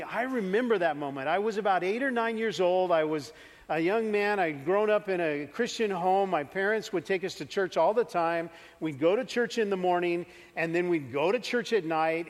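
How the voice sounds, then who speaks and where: Animated high-voiced man preaching. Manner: animated storytelling, acts out his younger self. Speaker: pastor. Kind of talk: sermon with personal story. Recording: church hall reverb.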